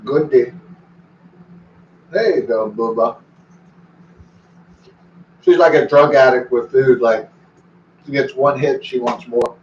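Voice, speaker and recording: A man's voice: medium pitch, takes it slowly, long pauses, slight background noise. A man in his forties rambling casually and profanely, breaking off to talk to his dog. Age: 40s. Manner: meandering, profane, talks to his dog between thoughts. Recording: echoey, distant, dull recording.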